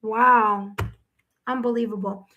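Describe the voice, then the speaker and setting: A woman's voice: on the high side, fairly even intonation, slow pace, muffled recording. A woman giving a live-streamed tarot reading, effusive, exclaiming and thanking viewers by name. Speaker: tarot reader.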